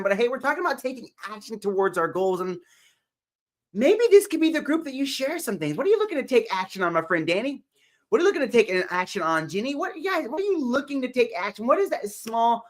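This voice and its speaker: A man hosting a live motivational stream, greeting viewers by name in an upbeat, chatty way and laughing often. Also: sits high. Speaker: livestream motivational host. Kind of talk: live stream chat reading. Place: home livestream setup.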